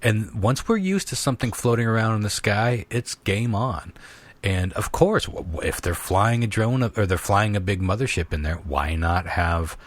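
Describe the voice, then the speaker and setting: A man's voice: lowish voice, moderate pace. A man hosting a casual podcast chat, laughing often and swearing freely as he riffs. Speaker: podcast host.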